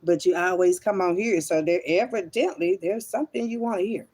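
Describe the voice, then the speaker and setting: A woman's voice: on the low side, a little fast, a little mellow. A woman, talking to online viewers in a blunt, rambling monologue and swearing freely. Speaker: online spiritual reader. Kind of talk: casual livestream monologue.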